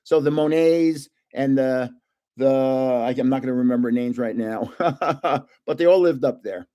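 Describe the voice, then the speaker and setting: An older man, host of a casual livestream, telling a rambling story with loud bursts of emphasis. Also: mid-range voice, measured pace, lo-fi sound.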